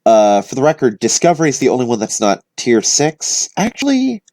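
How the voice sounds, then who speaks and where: A man's voice: mid-range voice, wildly swooping pitch, brisk, a little mellow, no echo. A young man hosting his own weekly vlog, chatting in a loose, rambling way with lots of fillers and restarts. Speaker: vlog host. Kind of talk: casual rambling chat.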